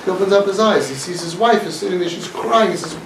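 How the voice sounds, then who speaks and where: A high-pitched man talks fast as an inspirational speaker, earnestly and emphatically repeating his points to an audience. He was recorded from a distance in an echoey room, with a faint noise underneath.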